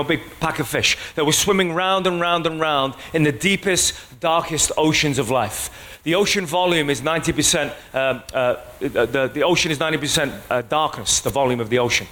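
A man's voice: a little high, a little fast, sharp tone. A man preaching a sermon in a conversational way, often checking in with the congregation.

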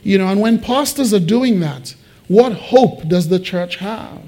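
A man preaching a sermon to his church, conversational and animated, with joking asides. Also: high voice, a little slow. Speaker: pastor. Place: church building.

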